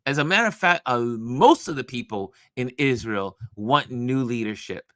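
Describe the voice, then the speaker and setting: A man from New York hosting a casual talk show, telling a story in an animated way with many restarts. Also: medium pitch, moderate pace, no echo, studio quality. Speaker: host.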